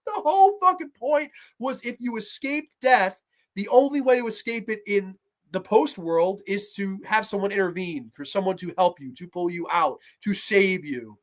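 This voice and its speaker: A woman's voice: medium pitch, lively intonation, normal speed. A woman hosting a horror movie review, ranting in a sarcastic, exasperated and heavily profane way.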